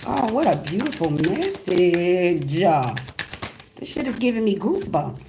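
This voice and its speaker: A woman giving a casual, motivational tarot reading as host of her channel, talking emphatically with slang, repeated phrases and excited exclamations. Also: medium pitch, moderate pace, background noise. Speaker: tarot reader.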